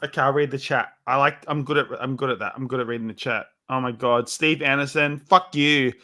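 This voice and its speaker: A man's voice: medium pitch, steady tone, a little fast, pushed and bright. A drunk man with hiccups, rambling on a livestream while reading the chat, swinging between insults and self-pity. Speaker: livestream co-host.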